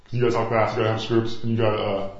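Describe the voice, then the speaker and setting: A man's voice: on the low side, level tone, rapid-fire. A man hosting a podcast in loose, rambling casual chat, swearing and chuckling. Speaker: podcast host. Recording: echoey room, dull sound, faint guitar music.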